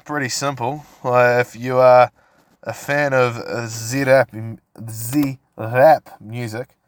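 A man's voice: medium pitch, steady tone, takes it slowly, dry recording. A man hosting a casual solo podcast, rambling and swearing as he tells stories. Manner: rambling, sweary, laid-back storytelling. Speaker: podcast host.

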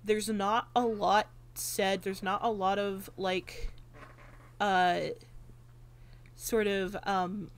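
Woman, podcast host, casual chat, rambling, filler-heavy, swears a lot, middle pitch. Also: extremely slow, long pauses. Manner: animated retelling of film scenes.

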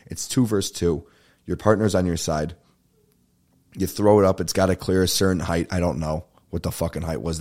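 A man's voice: low-pitched, warm tone. A young man hosting a comedy podcast, rambling and swearing in a laid-back, casual way. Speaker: podcast host and stand-up comedian. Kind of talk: casual solo podcast chat.

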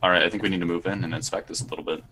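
A man with a very low voice plays a tabletop game. He reasons aloud in a deliberate, measured way, weighing each step. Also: little pitch movement, pushed and bright. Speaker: player.

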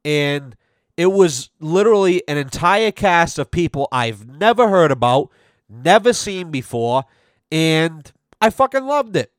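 A man's voice: a little high, no room sound, studio quality. A young adult man hosting a podcast, telling a rambling, profanity-filled story in casual chat. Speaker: podcast host.

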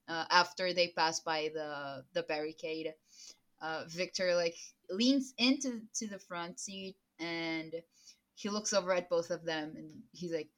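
Lady player in a tabletop game, bright tone, giggly and rambly. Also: fairly low pitch. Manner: laughs often, casual and rambling. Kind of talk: casual tabletop chat.

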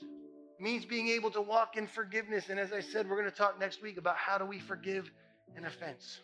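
A man's voice: sits high, fairly even intonation, brisk, pushed and bright, soft background music. A man preaching as a pastor, impassioned and emphatic, repeating phrases for effect. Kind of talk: sermon.

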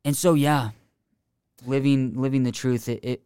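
A man's voice: mid-range voice, steady tone, a little slow, dark tone, clear, resonant tone, dry recording, studio quality. A young man and podcast guest sharing his faith in an earnest, rambling way, full of restarts and "like". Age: young adult. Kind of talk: casual faith testimony.

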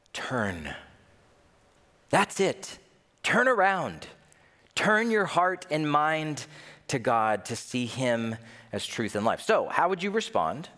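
A man preaching a sermon in a lively, animated way, sometimes acting out the voices of people he quotes. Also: medium pitch. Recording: long hall reverb.

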